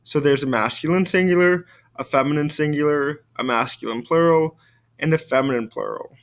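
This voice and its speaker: A man, a French teacher giving a recorded video lesson, slowly modeling words for students to repeat. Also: a little high. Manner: slow, careful model pronunciation for students to repeat.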